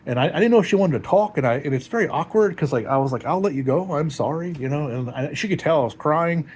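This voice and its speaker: A heartbroken man talking in a rambling, halting, emotional way in a personal confessional vlog. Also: a little high, lively intonation, darkish tone, slight background noise.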